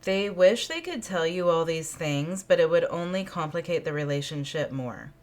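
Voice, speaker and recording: A woman's voice: on the low side, expressive, moderate pace, darkish tone. A woman doing an intuitive tarot reading, musing aloud, repeating her phrases and asking spirit questions as she pulls cards. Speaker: tarot reader. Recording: card shuffling clicks in background.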